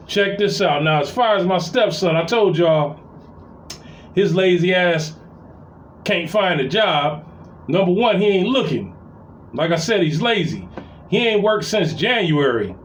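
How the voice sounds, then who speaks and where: A man's voice: sits high, a little hiss or hum, poor audio. A middle-aged man talking straight to his audience in a casual venting monologue, heated and full of profanity as he tells a family story. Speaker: vlogger.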